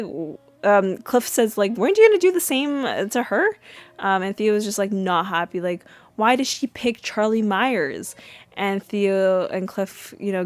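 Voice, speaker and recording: A woman's voice: medium pitch, dry recording. Chatty woman podcast host. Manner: chatty, many fillers and restarts, lively retelling. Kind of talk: casual episode recap.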